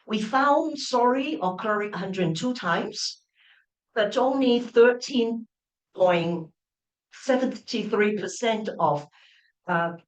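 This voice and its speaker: A woman's voice: fairly high pitch, lively intonation, slow pace, distant mic. A middle-aged woman giving an open-day lecture, restarting phrases and checking in with her listeners. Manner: frequent restarts, checks in with "right?" and "all right?". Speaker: university professor giving a lecture. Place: lecture room. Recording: echoey lecture room.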